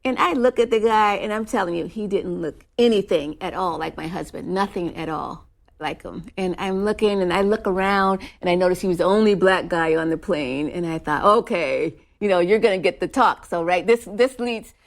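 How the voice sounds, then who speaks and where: A woman, an author and professor, telling an anecdote in a relaxed interview, animated, with small laughs and quick restarts. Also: on the low side, creaky. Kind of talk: conversational storytelling interview.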